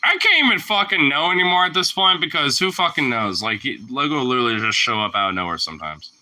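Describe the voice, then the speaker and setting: Young male vlogger, very bright tone, lively pitch, loose slangy delivery with swearing. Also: quick pace, faint music behind, rough recording. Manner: swearing, slangy, slips into high baby talk with his dogs. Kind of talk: casual talk to camera and dogs.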